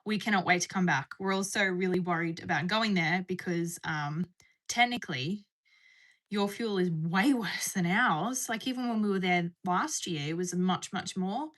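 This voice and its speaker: Bright-voiced chatty woman. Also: lowish voice, moderate pace. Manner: chatty, bubbly, reading and answering chat messages. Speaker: live streamer. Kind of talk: casual live stream chat. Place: indoors at home.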